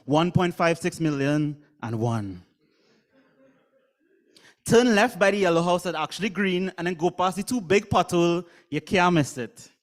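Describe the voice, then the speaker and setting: A man with a Trinidadian accent performing a comic spoken word poem in a theatrical way. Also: high voice. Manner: comic, theatrical delivery with mock voices. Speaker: slam poet.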